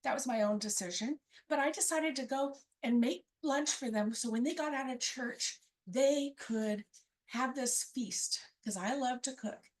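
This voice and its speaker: High-pitched female storyteller, wry and chatty, telling family stories live. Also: measured pace. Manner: conversational, wry, acts out family members' quoted lines.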